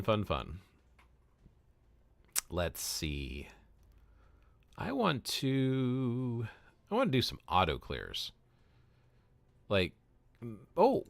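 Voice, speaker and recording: A man with a low voice chats casually while streaming a mobile game. He talks to his viewers by name and often repeats words or restarts a thought. The sound is dry and close, with little room echo. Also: a bit bright. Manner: greets viewers by name and answers chat. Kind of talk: casual live-stream chat while playing.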